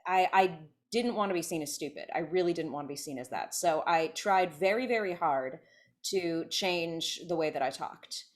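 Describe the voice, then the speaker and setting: A woman's voice: on the low side, normal speed. Chatty woman who keeps restarting her sentences. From California. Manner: chatty, self-interrupting, many restarts. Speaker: podcast guest. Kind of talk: casual conversation.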